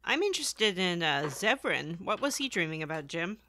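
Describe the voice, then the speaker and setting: A woman on a gaming podcast with a bright voice whose pitch moves around a lot. She fires off quick questions and teases her co-hosts. The conversation is loose and casual. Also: sing-song, dry recording. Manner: playful, quick questions and teasing. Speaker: podcast co-host.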